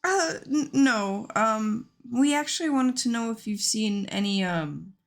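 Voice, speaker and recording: A woman's voice: on the high side, expressive, a little slow, creaky. A woman playing a young adventurer in a tabletop game, stumbling over her words. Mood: fumbling.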